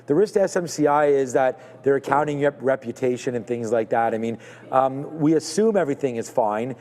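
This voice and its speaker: A man's voice: medium pitch, a little fast, darkish tone, long reverb tail. A man co-hosting a live trading stream, talking through stock earnings in a hedging way and restarting his sentences. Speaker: co-host of a live trading show. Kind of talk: casual market commentary.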